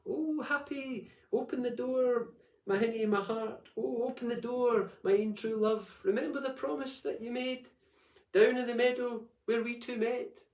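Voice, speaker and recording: A man voicing a small, bright-eyed male frog who speaks softly and sings high, recorded in an echoey room. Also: huge pitch swings, fairly quick, few pauses. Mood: singing. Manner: soft, high singing voice. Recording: echoey room, distant mic.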